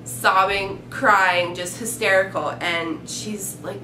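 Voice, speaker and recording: A young woman with a drawl telling a high school story in casual vlog style, acting out the quoted lines. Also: steady tone, unhurried, few pauses, bright, forceful tone. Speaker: vlog co-host. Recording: echoey room with faint noise.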